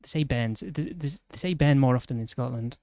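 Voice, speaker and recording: A man with a Yorkshire accent streaming a game, rambling and indignant in casual banter, full of quick restarts. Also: mid-range voice, a crowd in the background. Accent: Yorkshire English. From Yorkshire, England. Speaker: livestreamer. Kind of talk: casual gaming stream chat.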